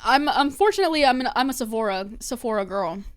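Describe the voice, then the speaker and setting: A woman's voice: fairly high pitch, lively intonation, fast. A young woman streamer chatting casually and gossiping, swearing freely as she talks. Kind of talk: casual live-stream chat.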